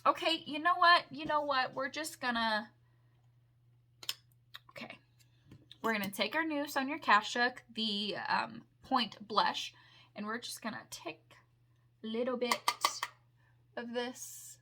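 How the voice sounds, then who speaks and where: A young woman chatting casually at home in a makeup haul vlog, gushing and rambling with excitement. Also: on the high side, slow pace, long pauses. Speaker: makeup vlogger.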